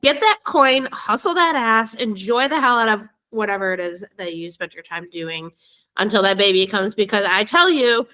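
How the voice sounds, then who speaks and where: A woman's voice: medium pitch, expressive, moderate pace, pushed and bright. A woman co-hosting a podcast in casual chat, talkative, laughing easily and swearing now and then. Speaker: podcast co-host.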